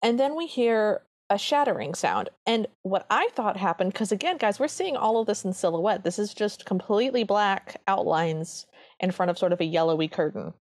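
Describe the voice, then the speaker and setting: A woman's voice: mid-range voice, lively intonation, moderate pace, dry recording, studio quality. A woman co-hosting a podcast, chatting earnestly as she reviews an old cartoon. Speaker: podcast co-host. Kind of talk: casual chat reviewing a cartoon.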